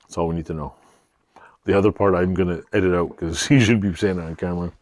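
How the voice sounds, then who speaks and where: A man's voice: low-pitched, steady tone, fast talker, darkish tone, no echo. A middle-aged man chatting casually and joking with his daughter in his home garage workshop. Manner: joking, laid-back, laughs often. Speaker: channel host. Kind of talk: casual chat.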